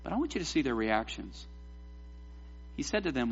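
A man preaching a sermon as pastor, animated, with joking asides to the congregation. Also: mid-range voice, normal speed, highs cut off, a little hiss or hum.

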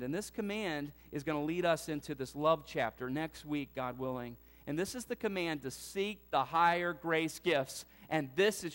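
High-voiced preaching man. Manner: conversational preaching with sudden loud bursts. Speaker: pastor. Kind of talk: sermon.

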